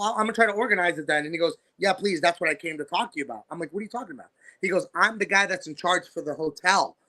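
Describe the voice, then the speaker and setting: Guy hosting a podcast, fast animated storytelling, high bright voice. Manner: animated, acts out voices of people in his stories. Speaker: podcast host and wrestling promoter. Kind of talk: casual storytelling chat.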